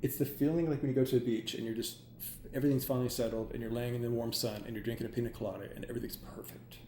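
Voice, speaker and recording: A man who works as a hypnotherapist, chatting casually and excitedly, rambling with many "like"s. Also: mid-range voice, very fast. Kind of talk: casual chat. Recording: roomy with faint ambient noise.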